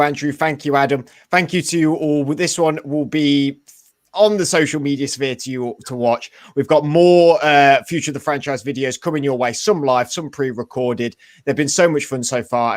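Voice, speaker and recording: A man's voice: medium pitch, dry recording. An English-accented man hosts a casual sports podcast in a friendly, easygoing tone. His voice sits in the middle range and sounds dry and close. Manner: friendly, easygoing, thanking guests. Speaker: podcast host. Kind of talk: casual chat.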